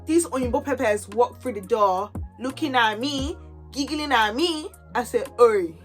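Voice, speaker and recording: Chatty woman in her twenties, fairly high voice, faint music under, animated storytime delivery. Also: unhurried. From Kent, England. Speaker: YouTuber. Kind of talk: storytime vlog chat.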